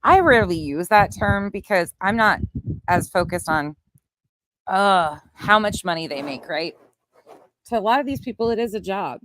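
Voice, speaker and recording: A woman's voice: medium pitch, animated, moderate pace, fairly bright tone. A woman hosting a casual livestream, chatting bluntly with her viewers, swearing now and then. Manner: blunt, swears, greets chat names. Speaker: livestream host. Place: outdoors at night, windy.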